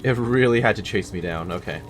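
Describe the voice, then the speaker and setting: A man's voice: fairly low pitch, a little fast. A man giving casual gameplay commentary, with wry asides muttered to himself. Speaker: gameplay video host. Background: game music.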